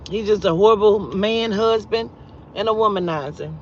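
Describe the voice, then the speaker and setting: A woman vlogging casually to her viewers, blunt and profane, jumping between loud outbursts and low, muttered asides as she tells a story from a parked car. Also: normal speed. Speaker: vlogger and spiritual reader. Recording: dull lo-fi sound with faint vehicle noise.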